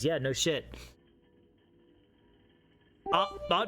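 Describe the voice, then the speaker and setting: A young man streaming a game live, chatting to his viewers in an excitable way, swearing often and laughing a lot. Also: high-pitched, moderate pace, long pauses. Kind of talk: casual live-stream chat.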